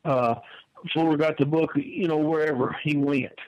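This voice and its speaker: A man's voice: fairly high pitch, fairly even intonation, normal speed, no echo, muffled recording. Older man telling wrestling stories. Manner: folksy, repeats words, laughs between stories. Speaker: wrestling manager guest. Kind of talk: storytelling interview answer.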